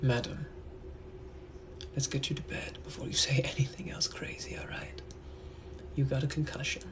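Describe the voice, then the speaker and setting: A man voicing a suave, menacing Victorian gentleman butler with a put-on British accent, in whispered role-play, speaking slow, hushed and deliberate. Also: medium pitch, little pitch movement, natural voice. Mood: soothing. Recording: noisy background hiss.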